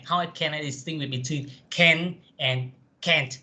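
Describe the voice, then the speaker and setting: An English learner in an online lesson, halting and repeating words while searching for them. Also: mid-range voice, steady tone, pushed and bright.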